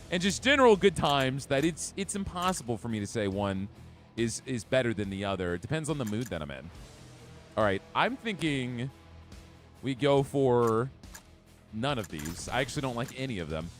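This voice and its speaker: A man streaming a game live, with hiccups, his somewhat high voice swinging widely in pitch as he chats, reacts and laughs. Game music plays clearly behind him. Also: fairly bright tone. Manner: chatty, reads chat aloud, reacts and laughs. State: has hiccups. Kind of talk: live gameplay commentary.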